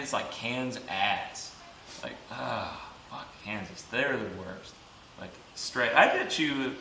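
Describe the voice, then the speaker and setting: A man from Georgia, a motovlogger, talking casually in an interview with a profane, animated ranting manner. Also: mid-range voice. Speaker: motovlogger guest. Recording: echoey room, far from the mic, noisy.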